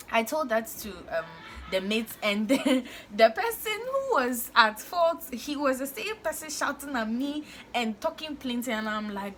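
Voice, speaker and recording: A young woman tells a personal story in a casual vlog, animated and exasperated, with lots of fillers. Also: on the high side, normal speed, hardly any pauses, slight background noise. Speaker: vlogger.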